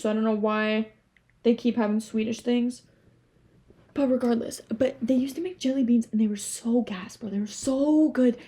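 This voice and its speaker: Rambling young woman, mellow voice. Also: a little high. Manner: rambling, animated, swears casually. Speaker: vlogger. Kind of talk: casual rambling monologue.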